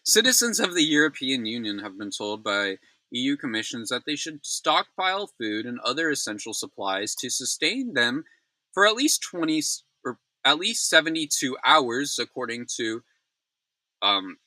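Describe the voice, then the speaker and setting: A man's voice: mid-range voice, big pitch swings, normal speed, sharp tone, no echo, low-quality recording. A man hosting a solo news recap in a casual, rambling way, full of fillers, yawning and sounding frazzled. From United States. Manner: tired, rambling, self-deprecating, many fillers.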